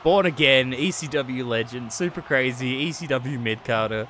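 A man giving live stream commentary on a wrestling video game, excitable, swearing and laughing often, swinging between yelling and muttering. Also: mid-range voice, normal speed, slight background noise.

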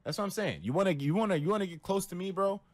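A young man chatting to his stream audience in a loose, casual way. His voice swings widely and lively in pitch as he acts out what people said, often shooting up high and loud, with plenty of swearing along the way. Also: very fast. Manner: animated storytelling, acts out quotes with big pitch jumps and cursing. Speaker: livestreamer. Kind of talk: casual stream talk to viewers.

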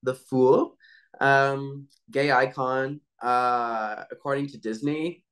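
A man's voice: medium pitch, fairly even intonation, takes it slowly, fairly bright tone. A young man, a voice actor guest, chatting casually in a laid-back way with lots of filler words. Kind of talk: casual interview chat.

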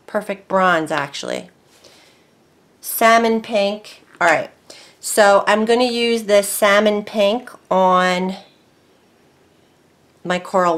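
A woman hosting a casual crafting tutorial, chatty and easily excited, talking to herself as she works. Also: mid-range voice. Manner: chatty, excitable, talks to herself while working. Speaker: craft video host.

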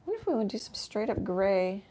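A woman's voice: mid-range voice, very animated, moderate pace, dark tone, a little hiss or hum. A middle-aged woman hosting a live painting demo from her home studio, chatting casually and thinking aloud as she works, often trailing off mid-sentence. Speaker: art teacher and channel host. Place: home art studio, indoors.

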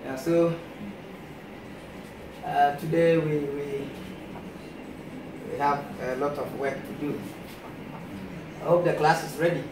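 A man with a Ghanaian accent playing a comic grammar teacher, giving a mock classroom lecture. He explains in a deliberate, drawn-out, teacherly way. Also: mid-range voice. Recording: roomy, distant mic with faint noise.

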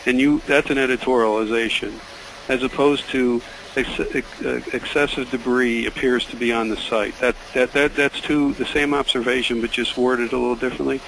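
A man's voice: medium pitch, fairly even intonation, moderate pace, gravelly, fairly bright tone, a little hiss or hum, rough recording. A man speaking up as a panelist in a webinar, emphatic and restarting words often. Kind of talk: spoken comment in a webinar.

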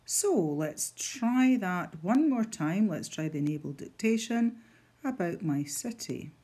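A woman teacher talks through a tablet demonstration at an unhurried pace. Her voice is slightly low and a touch husky, and its pitch rises and falls freely as she guides each step with patience. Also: expressive, mellow. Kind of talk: instructional screen demonstration.

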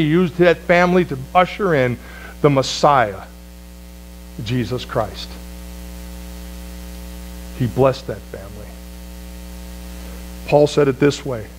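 A man preaching a sermon as pastor, swinging from loud, high exclamations to low, quiet phrases. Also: slight background noise, low-quality recording.

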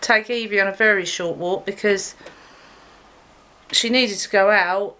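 A woman's voice: fairly even intonation, measured pace, pushed and bright. A woman vlogging while walking her dog outdoors, talking to her phone camera in a chatty, rambling way. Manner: chatty, rambling, talks to her dog in a high sing-song voice. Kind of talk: casual chat to camera.

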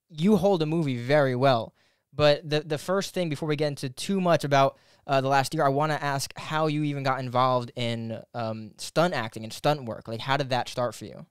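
Male podcast host, smooth voice, friendly and easygoing, dry close sound. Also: medium pitch, dry recording. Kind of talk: interview introduction and questions.

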